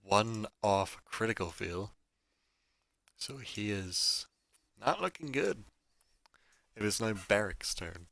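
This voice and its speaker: A man's voice: lowish voice, lively intonation, takes it slowly, gravelly, long pauses, sharp tone, no echo. A man running a tabletop game as game master, narrating the action casually and peppering it with "like". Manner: casual, filler-heavy narration with frequent "like".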